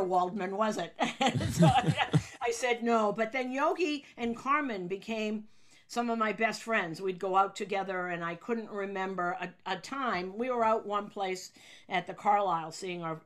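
Telling an anecdote at an unhurried pace in an interview, a female sports broadcaster performs the quoted lines, breaking into sudden loud, high bursts.

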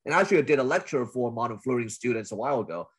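A man with a somewhat husky voice explains his ideas in a relaxed podcast chat. Now and then he slips into short sample tones to show what he means. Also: mid-range voice, very fast. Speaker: guest, dating coach. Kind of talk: casual podcast conversation.

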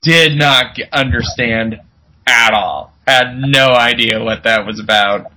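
Over a rough recording, a male podcast co-host speaks slowly with a sharp tone and medium pitch. He casually walks through a movie's plot, laughing easily and performing the characters' lines in quotes.

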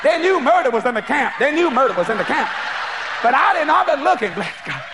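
A middle-aged man from Louisiana, preaching a sermon as an animated storyteller who shouts and laughs. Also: extremely high pitch, a little fast, crowd noise, background noise.

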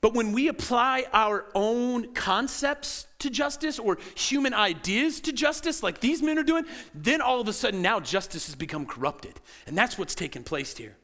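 A man preaches from the front of a church in an animated, conversational way. His voice sits very high for a man and rings bright and forceful. He slips into quick acted voices to bring the story to life. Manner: animated, acts out quoted voices. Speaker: pastor. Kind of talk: sermon. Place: church sanctuary.

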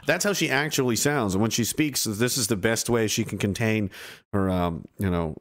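A man's voice: lowish voice, normal speed. A man in his thirties hosting a casual livestream, reading chat and ranting in a sarcastic, mocking way. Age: 30s.

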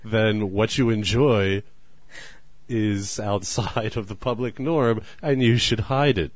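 A man's voice: lowish voice, takes it slowly, dry recording. A man hosting a casual podcast, teasing his co-host in a dry way and laughing often.

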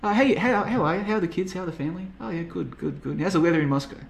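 A man's voice: high voice, very fast, creaky, voice pushed up. A man doing a glib, chummy American president. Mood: breezy. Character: breezy, overly casual male American president. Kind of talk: comedic retelling of a film.

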